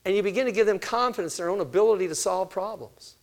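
Animated older man giving a talk. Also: high voice, fast. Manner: animated, acts out family conversations; asks the audience questions and answers them. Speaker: parenting speaker. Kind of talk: sermon-style talk.

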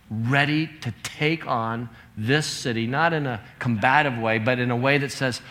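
A man's voice: medium pitch, bright, forceful tone. A pastor in his fifties gives an earnest, conversational sermon, reading out scripture as he goes.

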